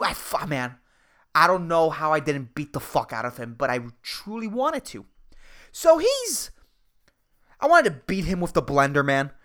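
A young man rants on his solo podcast, angry and profane. His voice leaps up and down with lively swings of pitch. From Puerto Rico. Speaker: podcast host.

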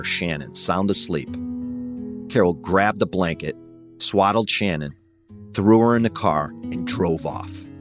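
A man giving measured, scripted documentary narration. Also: low-pitched. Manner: measured, even storytelling.

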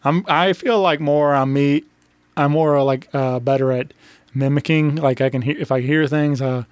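A man's voice: a little high, fairly even intonation, clear, resonant tone, dry recording. A man hosting a podcast in casual chat, rambling a bit and agreeing often. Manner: rambling, many fillers and restarts, quick to agree.

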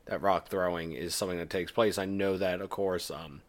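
A man's voice: low-pitched, steady tone, moderate pace. A man co-hosting a casual podcast chat, laid-back and hesitant, with dry humor. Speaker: podcast co-host.

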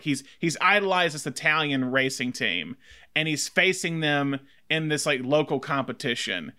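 A man's voice: fairly high pitch, bright, forceful tone, clear, resonant tone. A man co-hosting a casual film podcast, talking enthusiastically in long rambling stretches full of fillers. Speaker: podcast co-host.

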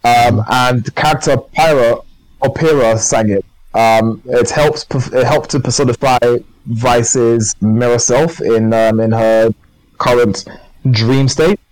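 A man's voice: medium pitch, takes it slowly, no room sound, rough recording. A man co-hosting a podcast, chatting casually and enthusiastically in a rambling way. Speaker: podcast co-host. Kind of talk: casual chat.

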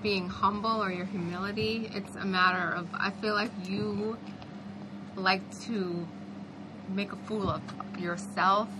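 Woman, podcast guest, slow hesitant speech, noisy room, traffic behind. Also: medium pitch, fairly even intonation. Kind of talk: casual chat.

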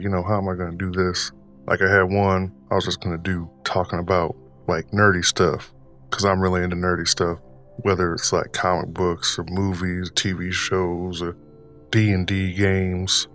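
A man's voice: sits low, fairly bright tone. A man podcast host putting on an older man's voice with a Southern drawl, rambling casually through a story with lots of fillers. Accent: put-on Southern US drawl. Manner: deliberately puts on an older man's voice; rambling, filler-heavy, unhurried delivery.

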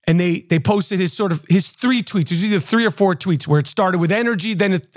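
Profane, high-voiced New man ranting. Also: brisk, few pauses, dry recording, studio quality. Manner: profane, emphatic, mocking. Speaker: podcast host. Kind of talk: casual rant.

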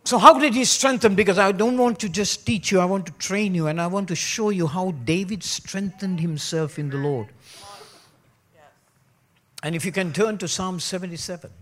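A man preaching a sermon, joking and mimicking people, then dropping to a low, earnest tone. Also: normal speed, fairly bright tone. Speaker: pastor.

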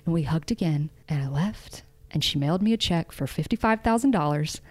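An animated young woman tells a story in a relaxed chat, slipping into the voices of the people she quotes. Her voice sits a little low for a woman. She talks as the founder of a dance studio. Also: brisk. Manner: animated, acts out quoted dialogue.

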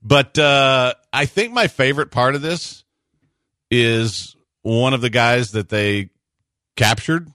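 A man hosting a sports radio show, chatting casually and telling stories with quick asides. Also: medium pitch, no room sound, studio quality. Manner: animated storyteller, quick asides.

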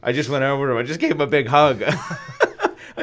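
A man's voice: mid-range voice, a little fast, fairly bright tone. A man hosting a casual chat, animatedly telling a story and acting out the quotes. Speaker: host.

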